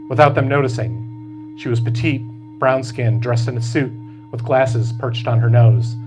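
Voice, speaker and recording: A man, the author, reading aloud from his novel at a bookstore event in slow, measured storytelling. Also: medium pitch, low-quality recording.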